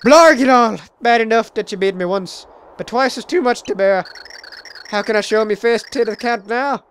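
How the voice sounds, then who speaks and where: A man's voice: sits high, moderate pace, a little hiss or hum, voice pushed up. A man with a Southern US accent voicing a blustering, hot-headed warrior brute while reading game dialogue, his Scottish attempt slipping into his own accent. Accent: Southern US, failing at a Scottish brogue. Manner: shouty blustering bravado. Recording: game music behind.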